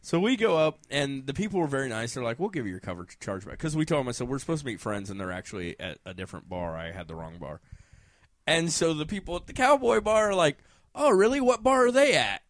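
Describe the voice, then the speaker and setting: A man's voice: medium pitch, sing-song, quick pace. A man telling a casual story, often laughing and acting out what other people said.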